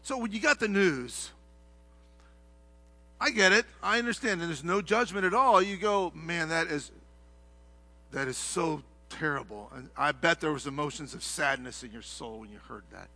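A middle-aged man preaching a sermon, swinging from hushed, low passages to shouted, heated ones. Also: animated, moderate pace, soft background music. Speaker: pastor.

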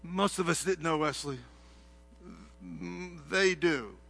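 A middle-aged man preaching a sermon, swinging from hushed, low passages to shouted, heated ones. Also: slow pace. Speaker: pastor.

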